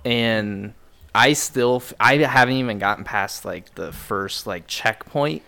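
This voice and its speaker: A man's voice: mid-range voice, a little slow, creaky, pushed and bright. A young man co-hosting a podcast, chatting casually in a laid-back, rambling way with lots of fillers. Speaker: podcast co-host. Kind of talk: casual chat.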